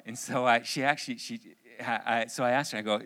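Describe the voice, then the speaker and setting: A middle-aged man telling a personal story in a sermon, an animated storyteller with jokey asides. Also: medium pitch, quick pace. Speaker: speaker.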